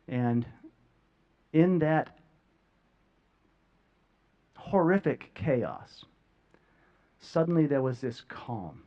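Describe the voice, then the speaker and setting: A man speaks from a stage to an audience in a middle-pitched voice, earnest and heartfelt. He halts often, repeating words and pausing long. The sound is slightly dull and lo-fi. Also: lively intonation, darkish tone. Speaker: speaker sharing a near-death experience. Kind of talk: emotional public talk to an audience. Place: stage before a live audience.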